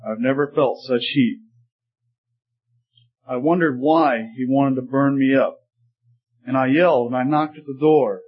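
A man's voice: medium pitch, fairly even intonation, unhurried, pauses often, breathy edge. A man voicing a talking teacup that was once clay, telling its story in an earnest, pleading way. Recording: slightly muffled recording.

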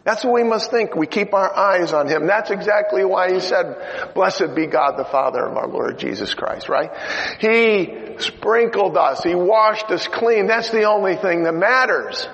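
A middle-aged man preaching a sermon, telling stories and swinging from loud exhortation to quiet asides. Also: sits high, animated, a little slow. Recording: dull lo-fi sound in a reverberant hall.

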